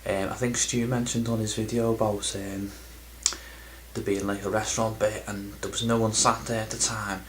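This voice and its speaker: A man's voice: fairly low pitch, flat delivery, moderate pace, slight background noise, poor audio. A man chatting in a casual vlog, rambling and self-deprecating, with plenty of ums and restarts. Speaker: video game collector vlogger.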